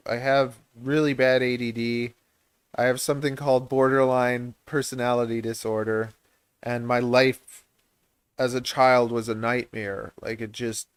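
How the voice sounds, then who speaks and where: A man's voice: medium pitch, fairly bright tone, smooth, dry recording. A man hosting a livestream, chatting in a rambling, self-deprecating way and laughing often. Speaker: livestream host and reptile breeder.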